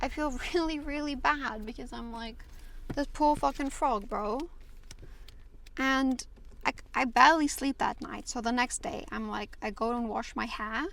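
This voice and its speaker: A woman streaming from a car, telling a long story in a casual, animated way, repeating "I'm like" and swearing freely. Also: a little high, a little slow, gravelly. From South Africa. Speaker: IRL streamer. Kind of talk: casual storytelling while driving. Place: car on safari drive. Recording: noisy car background. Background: car engine and road noise.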